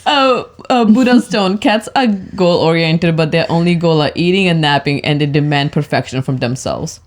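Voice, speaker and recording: A young woman who is a guest on a podcast, chatting casually and reacting with quick laughs. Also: sits low. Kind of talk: casual chat.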